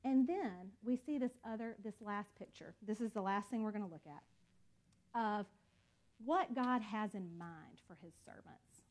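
A woman's voice: mid-range voice, measured pace, a little mellow. A woman teaching a Bible study in an earnest, conversational way, calling her listeners y'all.

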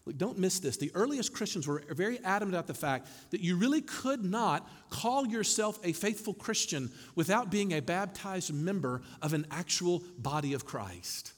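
Animated high-voiced preacher in a reverberant hall. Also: male voice, normal speed, hardly any pauses. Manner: animated preaching, with wry asides. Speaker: pastor. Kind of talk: sermon. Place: church sanctuary.

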